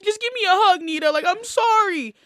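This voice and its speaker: A frightened little boy of two, pleading and squeaky as he says sorry over and over, put on by a woman telling a story. The voice sits very high and sounds bright. It is recorded close and dry. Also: fairly quick, no room sound. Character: scared two-year-old boy begging for a hug.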